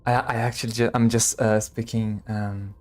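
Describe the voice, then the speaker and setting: A male streamer chatting casually with his viewers while he plays, talking low, quiet and gravelly, and laughing often. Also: flat delivery, slight background noise. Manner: speaks low and quiet, gravelly, like a movie vigilante; slow, laughs often, talks to chat. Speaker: streamer playing a game. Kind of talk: casual live-stream chat.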